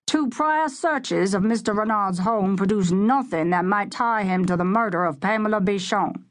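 A slick male defense attorney in an audiobook scene, voiced by a woman narrator, addresses reporters with defiant scorn. The voice rises in pitch on his attacks and slows on his closing jab. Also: close to an everyday voice.

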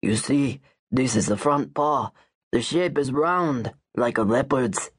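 A woman reading an audiobook, voicing a calm, knowing African safari tracker who speaks slowly and deliberately. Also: mid-range voice, slightly rough, voice pushed down.

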